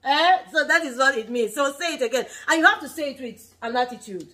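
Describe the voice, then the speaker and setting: With a high, sharp voice and lively intonation, this Nigerian family vlogger in her thirties chats fairly quickly. She's a mother teaching in a casual, animated way, laughing a lot and often starting her phrases over.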